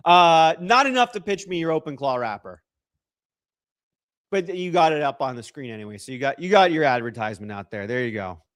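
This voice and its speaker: A man's voice: on the high side, animated, a little fast, a bit bright. Joking young man on a livestream. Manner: joking, rambling, reacts to chat messages. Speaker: livestream host. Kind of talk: casual livestream chat reading donations.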